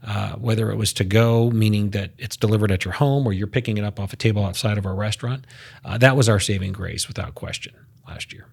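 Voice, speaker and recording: Gravelly, emphatic man, podcast guest. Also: fairly low pitch, steady tone, fast, darkish tone. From United States. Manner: emphatic, statistic-heavy, repeats words when starting. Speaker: podcast guest, restaurant association head. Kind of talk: casual podcast interview.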